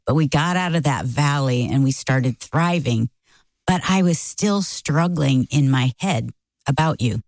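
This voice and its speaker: Animated middle-aged woman telling a story. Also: a bass voice, measured pace, no room sound. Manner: animated, acts out quoted lines. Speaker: co-host. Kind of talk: casual storytelling chat.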